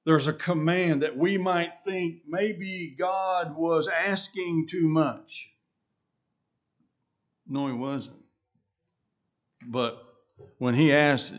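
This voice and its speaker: A man preaching a sermon, reading scripture aloud and slowing down on key phrases. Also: a little high, highs cut off. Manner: reads scripture aloud, slows down for emphasis.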